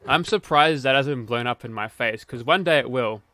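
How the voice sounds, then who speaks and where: A man's voice: mid-range voice, moderate pace, sharp tone. A man streaming a game, giving casual commentary while he mutters, grumbles and swears.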